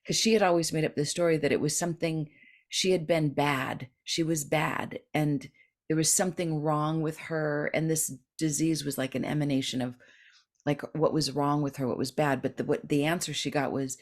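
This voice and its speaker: Middle-aged woman guest, animated storyteller, slips into quoted voices, low-set voice. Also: moderate pace. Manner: animated, acts out quoted voices with big pitch jumps. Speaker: guest author and dream expert. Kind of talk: storytelling in a podcast interview.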